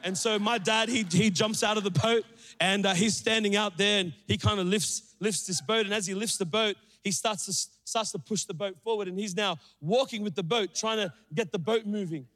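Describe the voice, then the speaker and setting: A young man preaching a sermon, telling a story with animated, acted-out quotes. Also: normal speed. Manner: animated, acts out quotes with big pitch jumps. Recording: long hall reverb.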